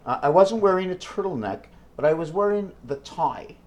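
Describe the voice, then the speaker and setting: A man's voice: on the high side, sing-song, moderate pace, a little mellow, muffled recording. Rambling man thinking aloud. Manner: free-associating, jumps between numbers and wordplay; thinks aloud with many fillers and self-questions. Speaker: vlogger. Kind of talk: rambling solo vlog monologue.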